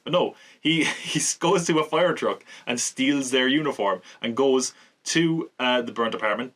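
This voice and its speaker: A podcast host with a mid-range, slightly bright voice casually recaps and reviews a TV episode. He's chatty, laughs often, and slips into quick mock voices.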